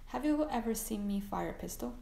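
A woman's voice: on the high side, animated, a little fast, vocal fry, dark tone, roomy sound. Woman reading as a grave, fatalistic count. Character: brooding aristocratic nobleman, grave and fatalistic.

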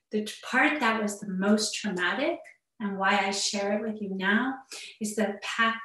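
A therapist speaking earnestly and personally to parents in an online talk, with muttered asides, heard over a video call. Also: female voice, medium pitch, fairly bright tone. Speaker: therapist giving a parenting webinar. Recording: echoey room, far from the mic.

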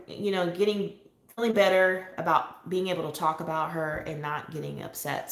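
A chatty woman from San Diego hosts a live stream from home, her lowish voice carrying off the walls of an echoey room. She talks loosely, laughing often and pausing on "um" between thoughts. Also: creaky. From San Diego, California. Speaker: adult coloring channel host. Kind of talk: casual live-stream chat. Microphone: home live-stream setup.

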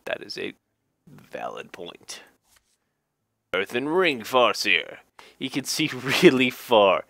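A man's voice: mid-range voice, big pitch swings, slow, vocal fry, pushed and bright, dry recording. A man casually reading game card text aloud, cracking jokes, laughing at them, and adding dry asides. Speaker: gaming YouTuber reading card flavor text.

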